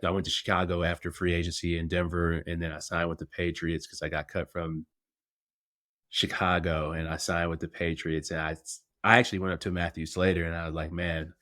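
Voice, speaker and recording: Male co-host, former player, very low voice, relaxed conversational delivery, dry close mic. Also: brisk, dry recording. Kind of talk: casual chat.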